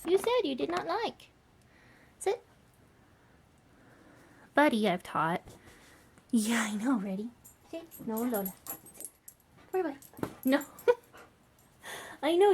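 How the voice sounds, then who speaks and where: A woman's voice: fairly high pitch, very animated, slow pace, pauses often, slightly rough. A young woman vlogging as she trains her dog, chatting and praising the dog in a bubbly, coaxing voice. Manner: bubbly baby-talk praise to dogs. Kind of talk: casual dog training vlog.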